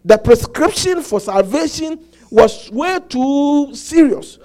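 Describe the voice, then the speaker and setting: A male pastor preaching a sermon, animated and repetitive, often stopping to ask the congregation if they follow him. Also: very high voice. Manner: repetitive, asks the congregation "Do you get it?"; halting restarts, animated storytelling.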